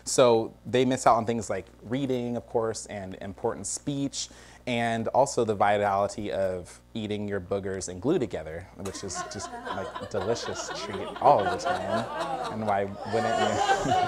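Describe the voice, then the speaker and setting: A man's voice: fairly low pitch, measured pace, a loud crowd. A man hosting a variety show, doing a comedic news monologue in a studio and laughing between jokes. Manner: joking, laughs between lines. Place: studio with a live audience.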